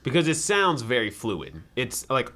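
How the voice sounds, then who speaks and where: A man's voice: mid-range voice, huge pitch swings, fairly bright tone. A man co-hosting a casual film podcast, rambling and joking at his own expense. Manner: rambling, self-deprecating, quick asides. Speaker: podcast co-host. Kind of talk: casual chat.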